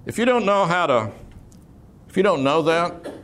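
A man's voice: fairly high pitch, animated, a little slow, pauses often, fairly bright tone. A man preaching an expository sermon, explaining terms patiently, repeating key words and slipping in dry humor. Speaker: preacher teaching scripture.

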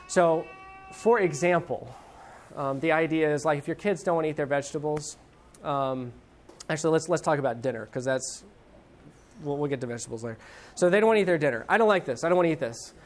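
A middle-aged man teaching a parenting class, talking in a loose, conversational way. He pauses often and fills gaps with ums and uhs. His voice becomes animated when he acts out a parent or a child. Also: fairly high pitch. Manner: conversational, hesitant with fillers, animated when quoting.

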